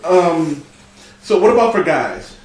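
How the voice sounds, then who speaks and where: A man's voice: a little high, big pitch swings, slow, heavy reverb, poor audio. A man hosting a casual chat, cracking wry jokes and asking the next question. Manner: joking, wry interjections. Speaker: podcast host.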